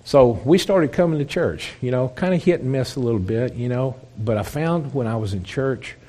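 A former biker gives his testimony as a story, folksy and plainspoken, acting out the dialogue. His voice is medium-pitched and mellow, at a moderate pace.

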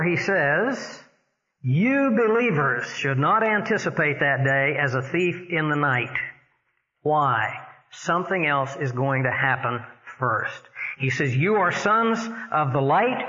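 A man preaching a sermon who climbs higher and louder for emphasis and slows down on key words. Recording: dull lo-fi radio broadcast in a reverberant hall.

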